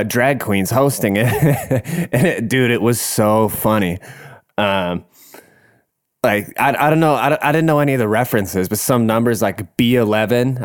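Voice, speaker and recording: Brief: young man, mid-pitched, smooth resonant voice, loose profane storyteller. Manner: profane, rambling, laughing. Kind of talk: casual storytelling.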